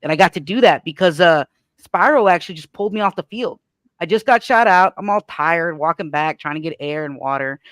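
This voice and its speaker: A man telling a story in casual chat, animated and full of fillers and repeats. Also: fairly high pitch, fairly quick, no echo. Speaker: paintball podcast panelist.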